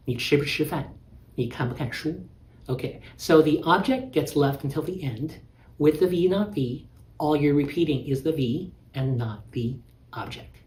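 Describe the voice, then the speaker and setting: A man's voice: on the high side, mellow. A male language teacher giving a patient, methodical lecture and stressing key words. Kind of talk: explanatory lecture. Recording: echoey room.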